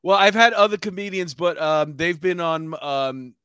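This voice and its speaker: A man's voice: on the high side, normal speed, fairly bright tone, clean tone, no echo, clean studio sound. A middle-aged man with a New York accent, hosting a casual chat show and rambling with many fillers. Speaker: podcast host.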